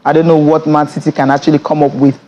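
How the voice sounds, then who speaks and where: Fast-talking Nigerian football pundit. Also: mid-range voice, little pitch movement, dark tone, muffled recording, slight background noise. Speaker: sports pundit. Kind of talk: studio sports talk.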